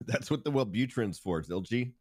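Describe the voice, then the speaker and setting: A man's voice: mid-range voice, normal speed, dry recording, studio quality. A man joking around with friends on a gaming stream. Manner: joking, animated. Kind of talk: casual gaming chat.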